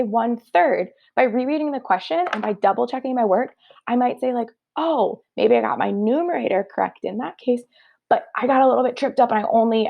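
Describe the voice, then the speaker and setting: A woman's voice: a little high, vocal fry, a little mellow. A woman teacher giving a third-grade math review lesson, upbeat and encouraging, talking through each step aloud.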